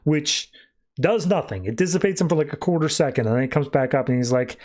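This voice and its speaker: Man casually recapping comics, slightly high voice. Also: expressive, fast, a little mellow. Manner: loose storytelling that acts out quotes with "he's like". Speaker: podcast host.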